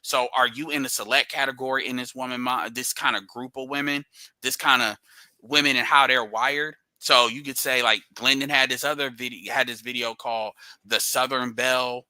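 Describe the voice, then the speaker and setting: A man's voice: mid-range voice, steady tone, moderate pace, pushed and bright, dry recording, rough recording. A man hosting a casual stream chat, explaining his ideas in loose, rambling sentences full of restarts.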